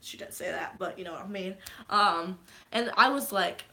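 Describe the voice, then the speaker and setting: A woman casually recapping a movie's plot in a vlog, excitable, swearing freely and geeking out. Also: medium pitch, normal speed. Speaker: vlogger.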